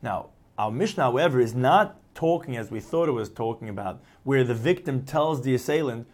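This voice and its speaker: A man teaches a Talmud lesson in a mid-range, expressive voice, moving briskly with hardly any pauses. After reading each phrase, he explains it in plain English, and he changes his tone to act out the quoted replies.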